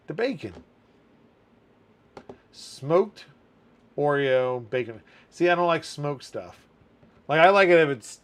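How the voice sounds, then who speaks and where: A man in his thirties hosting a casual livestream chat, reading viewer comments aloud and laughing often. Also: medium pitch. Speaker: community manager hosting a livestream.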